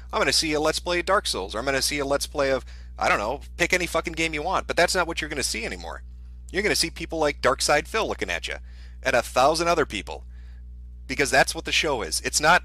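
Guy doing a mocking profane rant, bright lively voice, dry close sound. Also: medium pitch, breathy edge, no room sound. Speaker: commentary streamer. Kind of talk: ranting commentary.

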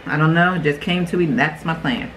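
A woman in her forties with a low voice talks briskly and chattily straight to her viewers as she does a makeup tutorial at home. She's a beauty vlogger, and the low-quality recording carries slight background noise.

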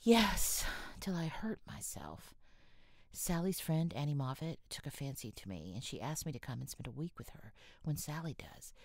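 Woman reading a genteel young sister, hushed whispery tone, deep creaky voice, dry close sound. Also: very animated, moderate pace, no room sound, exaggerated voice. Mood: pleased. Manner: soft, frequently whispered delivery.

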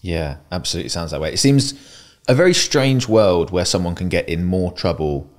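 Podcast host guy, lowish voice, careful questions with ums. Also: lively intonation. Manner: measured, hesitant questioning with fillers. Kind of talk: interview questions.

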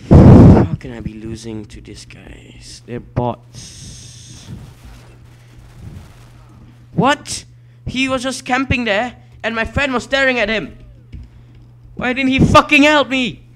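Brief: excitable let's-play man, lively swooping voice, unhurried delivery, yells and curses at the game. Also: very high-pitched, slight background noise. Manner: excitable, shouts and swears at the game. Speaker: gameplay commentator.

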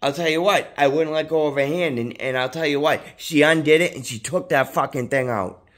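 A little high and fairly quick, a man's voice carries a rambling, casual vlog about something that happened to him. He swears heavily, leans on "dude" and "you know what I mean," and gets excitable, his voice jumping up whenever he's worked up.

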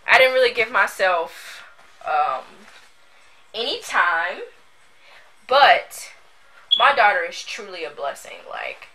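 A woman's voice: medium pitch, big pitch swings, slow pace, long pauses, pushed and bright, rough recording. A young woman talking casually to her vlog audience, goofy and overdramatic, with lots of slang. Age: young adult. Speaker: vlogger. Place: at home while packing. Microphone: built-in camera mic.

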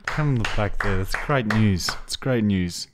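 A man's voice: fairly low pitch, measured pace, heavy background noise. A man co-hosting a podcast, running segments with jokey, playful patter in crude casual banter.

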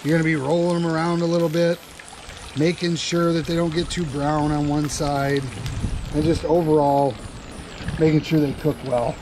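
A man with a slightly high, level voice talks at a moderate pace over background noise and music. Hosting a fishing and cooking channel, he chats through a relaxed cooking demo, addressing the viewer directly with helpful tips.

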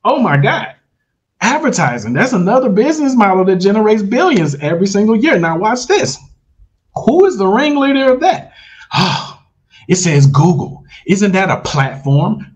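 The host of an online money-making livestream gives his viewers a hyped, salesy pep talk in a casual setting. His voice sits high, and he leans on slang and repeated phrases for emphasis.

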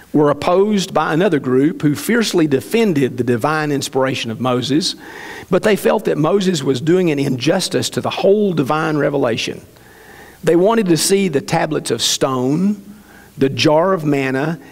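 A preacher in a reverberant church. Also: male voice, mid-range voice. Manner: reading a satirical parable aloud, slowing for emphasis. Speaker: pastor. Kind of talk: sermon. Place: church sanctuary. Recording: long hall reverb.

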